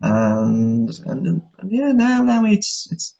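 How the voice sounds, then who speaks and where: A man's voice: on the high side, big pitch swings, takes it slowly, vocal fry, dark tone, muffled recording. A man whose first language is Hungarian, co-hosting a casual English-learning chat on a live stream, often repeating his words and laughing.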